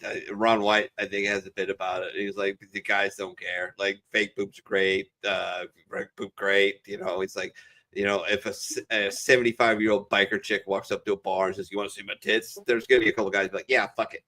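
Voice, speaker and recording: A man's voice: fairly low pitch, little pitch movement, brisk, sharp tone. A man who is a former Marine, hosting a casual veterans' chat over a video call and telling stories in a rambling, heavily profane way. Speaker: veteran show host.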